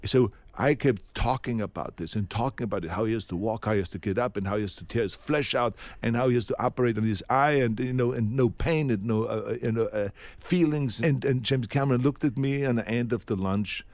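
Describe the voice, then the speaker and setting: Guest spot: older man, foreign accent, lively yarn-spinner, dry close mic. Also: medium pitch, a little fast, few pauses, no room sound. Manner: animated storyteller, acts out dialogue. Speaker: interview guest. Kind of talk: casual storytelling interview.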